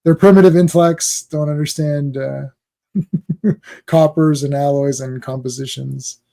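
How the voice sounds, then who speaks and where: A man's voice: fairly high pitch, steady tone, unhurried, creaky, warm tone. A man co-hosting a casual podcast chat, rambling and laughing as he quotes movie lines. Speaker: podcast co-host.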